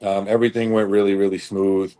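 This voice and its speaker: A man's voice: lowish voice, level tone, quick pace, dark tone, clean tone. Young man rambling through a story. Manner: rambling storytelling full of fillers and swearing. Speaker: podcast co-host, bodybuilder. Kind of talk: casual chat.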